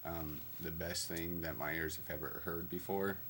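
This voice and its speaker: A man's voice: low voice, little pitch movement, normal speed, a bit bright, slight background noise. A young man hosting a casual chat, joking and teasing his friends.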